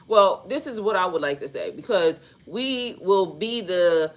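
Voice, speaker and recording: A woman's voice: fairly low pitch, animated, measured pace, hardly any pauses. Rambling woman giving casual spiritual talk. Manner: rambling, rhetorical questions, slangy asides. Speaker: spiritual vlogger.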